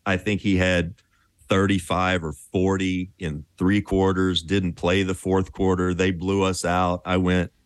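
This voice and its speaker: A man in his fifties recounts his playing days with an easygoing, chuckling manner. His voice sits very deep. The recording is close and dry. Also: clear, resonant tone, no room sound. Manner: relaxed, chuckling storyteller. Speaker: former pro basketball player, interview guest. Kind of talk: casual storytelling interview.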